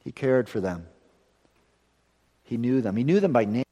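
A man preaches a Sunday sermon with a voice pitched in the middle. He swings between emphatic, ringing lines and quiet, hushed endings. The sound carries a long reverberant tail from the church around him. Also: big pitch swings, moderate pace. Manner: earnest, rising to emphatic then dropping to hushed.

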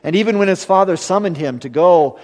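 A man preaching a sermon earnestly, building to emphatic lines and then dropping to a hushed close. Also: high voice, brisk, big-room sound.

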